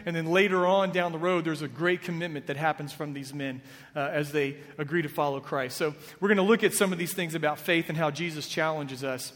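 A man's voice: a little high, steady tone, brisk, a bit bright. A man preaching a conversational sermon, retelling scripture with casual asides. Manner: conversational, with fillers and restarts. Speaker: pastor. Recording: long hall reverb.

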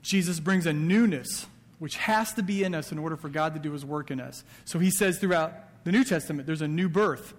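A man's voice: a little high, fairly quick, in a large hall. A male pastor preaching a sermon in a casual, conversational way, acting out quoted lines. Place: church sanctuary.

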